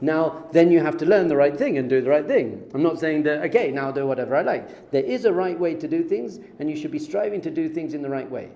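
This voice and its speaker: A middle-aged man, a rabbi teaching an informal Torah class, lively and joking, acting out little dialogues. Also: fairly high pitch, fast talker, vocal fry, few pauses. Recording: echoey room with faint noise.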